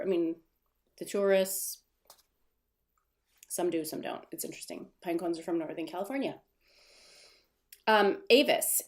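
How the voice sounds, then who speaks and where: Chatty woman hosting a casual livestream. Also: mid-range voice. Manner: chatty, rambling, reads viewer comments aloud; laughs at her own stumbles. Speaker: livestream host. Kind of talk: casual live-stream chat. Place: at her desk at home.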